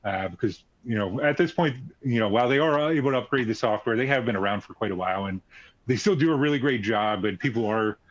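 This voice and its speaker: A man's voice: medium pitch, fast, no echo. A man answering technical questions on a webinar, explaining at length with frequent fillers. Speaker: technical expert guest. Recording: dry muffled webcast audio.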